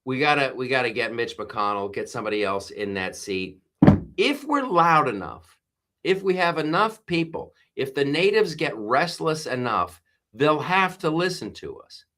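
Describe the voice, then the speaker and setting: A man's voice: medium pitch, big pitch swings, moderate pace, bright, forceful tone. A man hosting a live stream, rambling through commentary with frequent restarts and laughing at his own jokes. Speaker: host.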